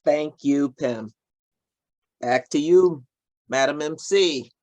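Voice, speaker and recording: Slow, low-voiced woman facilitator. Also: a little mellow, no room sound. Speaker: feedback facilitator.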